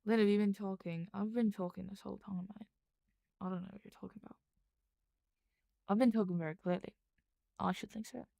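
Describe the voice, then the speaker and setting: This woman streams late at night, rambling and thinking aloud as she types her writing and responding to chat in a casual way. She speaks a little fast with a mid-range, creaky, mellow voice, fairly even intonation, and frequent pauses. The sound is studio quality with no echo.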